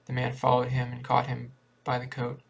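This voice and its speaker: Creaky-voiced man reading a story. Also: medium pitch, moderate pace. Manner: plain, steady reading with small restarts. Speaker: reader. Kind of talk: reading a short story aloud.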